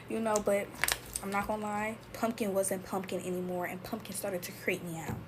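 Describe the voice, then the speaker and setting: A woman's voice: medium pitch, fairly even intonation, brisk, noisy background. A young woman telling a personal story in casual storytime chat, talking straight to her viewers. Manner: chatty, talks straight to viewers as y'all.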